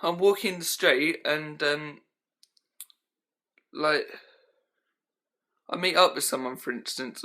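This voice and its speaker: Filming at home on a handheld camera, a young man rambles through his pet peeves for his vlog, leaning heavily on "um" and "like" in a casual rant. His voice is fairly high with a sharp tone.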